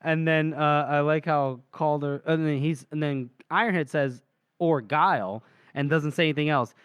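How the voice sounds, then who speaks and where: Guy on a podcast walking through a book chapter, smooth clear voice, dry close mic, little laughs here and there. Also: fairly high pitch, normal speed, no room sound. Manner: retells scenes at length, reading lines aloud with little laughs. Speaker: podcast co-host. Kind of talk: casual chat recapping a novel.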